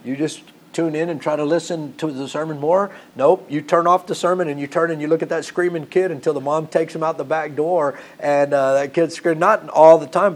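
A man preaching a sermon in an earnest way, often repeating himself and building to animated emphasis. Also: on the high side.

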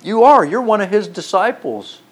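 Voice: mid-range voice, expressive, normal speed, pitched above the performer's own voice, natural voice. A man preaching who briefly acts out a suspicious bystander insisting that a stranger is one of the disciples. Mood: accusing. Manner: insistent, accusing.

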